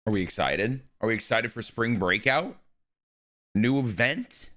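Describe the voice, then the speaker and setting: A man's voice: fairly low pitch, animated, unhurried, bright, forceful tone. A young man streaming live, talking casually and with energy to his chat and greeting viewers by name.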